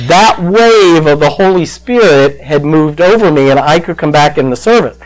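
An older male pastor telling a personal story in a sermon, slow and emotional, choking up at times. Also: a little high, animated, low-quality recording.

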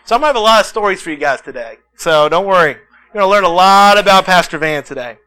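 A man preaching a sermon as a pastor, telling animated personal stories and acting out the people in them. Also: high-pitched, fast, smooth, rough recording. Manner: animated storytelling, acts out quotes.

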